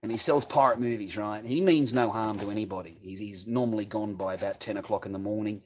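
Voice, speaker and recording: A man's voice: fairly low pitch, steady tone, fast talker. A man in his forties chatting casually on a livestream from his garage workshop, telling rambling, profane stories. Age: 40s.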